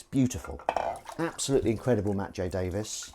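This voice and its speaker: A man's voice: sits low, lively intonation, fast, dark tone, slight background noise. A man with a Southern English accent hosting a casual livestream, rambling and joking while washing up and reading out chat messages. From England. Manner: rambling, jokey, reads chat aloud. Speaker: livestream host. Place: kitchen at a sink. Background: running water and clinking dishes.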